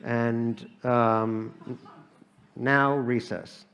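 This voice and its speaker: A gravelly-voiced American man tells stories with a dry, satirical wit. He talks at an ordinary middle pitch and often stumbles and restarts mid-sentence. He is a guest author on stage at a live event. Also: steady tone, drawn-out words, background noise. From United States. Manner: wry comic storytelling with frequent restarts.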